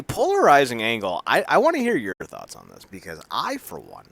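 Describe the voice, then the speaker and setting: Animated, jokey man co-hosting a podcast. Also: mid-range voice, brisk. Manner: jokey, profane, animated, acts out quotes in silly voices. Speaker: podcast co-host. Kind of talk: casual wrestling podcast chat.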